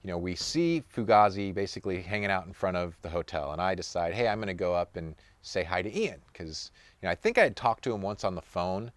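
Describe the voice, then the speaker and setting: Low-voiced man, dry close sound. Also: brisk, no echo. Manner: relaxed, many fillers like "you know". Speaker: touring punk musician. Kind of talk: storytelling anecdote.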